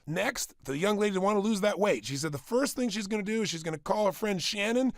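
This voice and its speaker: In a studio before a small audience, a motivational speaker gives an emphatic workshop talk, repeating phrases and firing off rapid rhetorical questions. His voice is high and gravelly, and the recording is dry.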